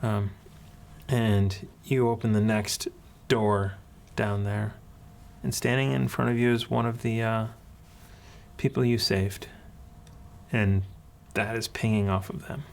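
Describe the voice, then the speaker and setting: A man's voice: on the low side, steady tone, takes it slowly, creaky. A man running a tabletop game as dungeon master, describing scenes hesitantly with many fillers.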